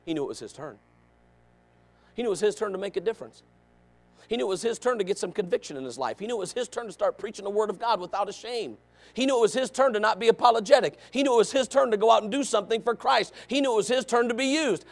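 Male pastor, middle-aged, high-voiced; revival sermon, repetitive cadence, low asides into shouts. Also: lively intonation, a little fast, long pauses. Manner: swings from low conversational asides to shouted exhortation; repetitive, emphatic preaching cadence.

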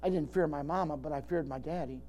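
Gray-haired male preacher, homespun and rambling, voice a touch high. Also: fast talker, dark tone. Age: older. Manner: folksy, rambling, with many restarts. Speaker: pastor. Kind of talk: sermon.

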